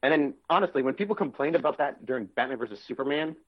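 A man's voice: fairly high pitch, lively intonation, fast talker. A young man co-hosting a podcast, chatting eagerly and rambling with lots of fillers. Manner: enthusiastic, rambling with many fillers. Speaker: podcast co-host. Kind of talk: casual chat. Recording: dull lo-fi recording.

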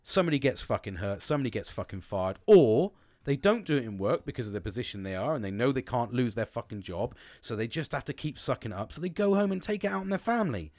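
A man's voice: medium pitch, very animated, quick pace, a little mellow, no echo. A man speaking bluntly and swearing often in a frank, casual monologue about communication.

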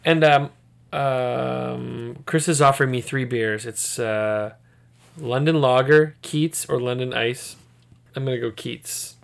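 Gravelly-voiced man chatting and laughing. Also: mid-range voice, slow. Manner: joking, laughs often. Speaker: podcast co-host. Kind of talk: casual chat over drinks.

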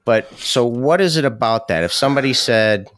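A man's voice: medium pitch, expressive, normal speed, a bit bright, no room sound, clean studio sound. A man co-hosting a casual podcast, asking careful, curious questions in an apologetic tone. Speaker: podcast co-host.

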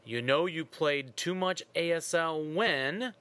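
A man hosting a podcast in casual chat, with relaxed, teasing banter. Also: fairly high pitch, slow pace, clean tone. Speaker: podcast host.

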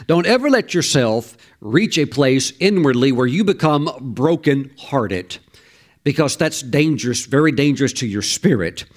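A man preaching a sermon, reading scripture and acting out the voices of the listeners in animated asides. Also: on the high side.

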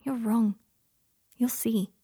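A woman voicing a tender, earnest young man in love, pleading softly. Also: a little high, steady tone, takes it slowly, slightly rough, no echo, clean studio sound.

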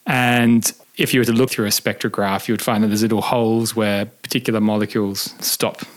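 A man with a fairly low voice, talking as an astronomer who explains space science simply and patiently. His tone is relaxed and friendly, and he adds the odd joke. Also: fairly quick. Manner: patient, plain explaining with light humour. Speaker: astronomer answering kids' questions. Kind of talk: relaxed explanatory interview talk.

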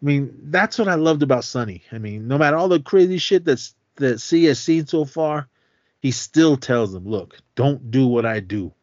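Through a dull, dry lo-fi podcast mic, a medium-pitched man at a moderate pace recaps a movie scene by scene as a co-host. His retelling is casual and animated, packed with profanity and laughs.

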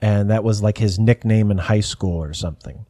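A man's voice: fairly low pitch, moderate pace, mellow, no room sound, studio quality. A man hosting a podcast, chatting casually, rambling and cursing as he mocks himself. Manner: rambling, profane, self-mocking. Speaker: podcast host. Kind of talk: casual chat.

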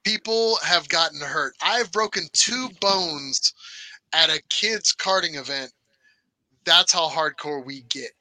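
Brief: cocky male co-host, sharp bright voice, dry close sound, loves to brag. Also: fairly high pitch, takes it slowly, dry recording, poor audio. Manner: boastful, energetic trash-talking storyteller. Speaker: podcast co-host. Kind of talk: casual storytelling chat.

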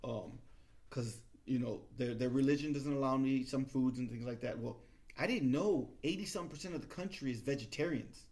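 A man telling travel stories in casual chat, animated and acting out the people he quotes. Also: mid-range voice, fairly quick. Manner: animated storytelling, acts out quoted voices.

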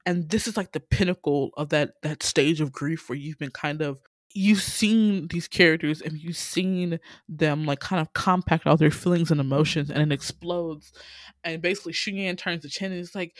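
A woman in casual chat, telling a drama's plot with lots of "like" and acting out the quotes with big jumps in pitch. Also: normal speed, dry recording, studio quality.

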